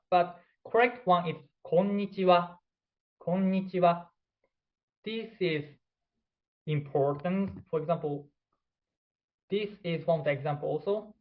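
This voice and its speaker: A man's voice: a little high, dull audio. A man whose first language is Japanese, giving a presentation lecture in non-native English and demonstrating pronunciation examples. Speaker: instructor.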